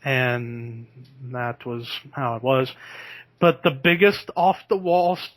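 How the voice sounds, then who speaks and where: A man's voice: medium pitch, slow, dry recording. A man hosting a podcast in casual chat, talking easily and breaking into laughter. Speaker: podcast host.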